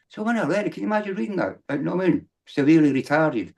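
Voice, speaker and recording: A man's voice: fairly high pitch, very animated, quick pace, vocal fry, few pauses, a little mellow, breathy edge. A middle-aged man, telling his life story as a podcast guest in a rambling, candid way that builds up to emphatic bursts. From Britain.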